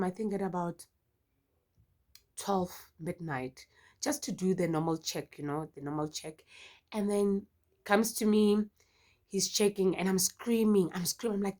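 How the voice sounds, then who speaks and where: A South African woman with a South African accent telling a personal story in a casual vlog, expressive and full of exclamations. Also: medium pitch. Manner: expressive, exclamatory, frequent "yo" interjections. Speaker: YouTuber.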